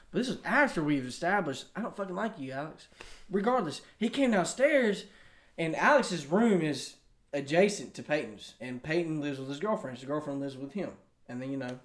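A man telling profane stories about a roommate in casual chat, loud and laughing often. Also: a little high. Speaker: guest roommate.

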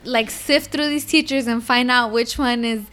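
Woman, young adult, casual chat, lively storytelling, a bit high-pitched. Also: moderate pace. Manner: animated storyteller, acts out her toddler's lines.

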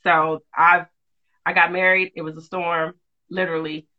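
A woman, a mother of two, telling a personal story in a candid, lively, casual way with quick asides. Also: lowish voice, highs cut off. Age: adult, mother of two.

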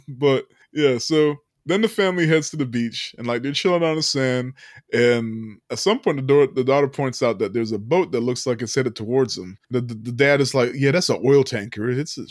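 A man's voice: mid-range voice, lively intonation, normal speed, no echo, studio quality. Laughing man recapping a film. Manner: laughs often, acts out quoted lines. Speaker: podcast co-host recapping a film. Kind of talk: casual chat.

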